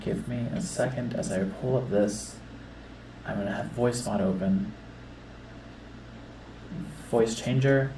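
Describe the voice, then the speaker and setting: A man hosting a casual livestream, talking a guest through a setup in quick, instructing bursts. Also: on the low side, dark tone, a little hiss or hum. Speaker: livestream host. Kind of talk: casual behind-the-scenes setup chat. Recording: roomy distant mic with faint ambience.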